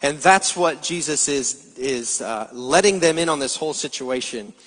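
A man's voice: mid-range voice, lively intonation, moderate pace, fairly bright tone, slightly rough. A man giving a sermon as pastor, explaining scripture and asking his listeners rhetorical questions. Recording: long hall reverb.

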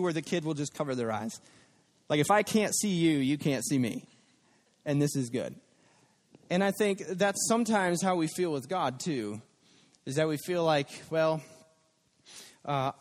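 Male pastor, slightly high voice, casual conversational preaching, long hall reverb. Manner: conversational preaching with acted-out quotes. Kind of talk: sermon.

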